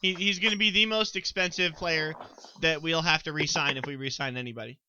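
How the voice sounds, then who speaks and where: A man's voice: on the high side, a little fast, bright, forceful tone, slight background noise. A man co-hosting a casual sports podcast, rambling with stammered restarts and frequent ums. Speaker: podcast co-host.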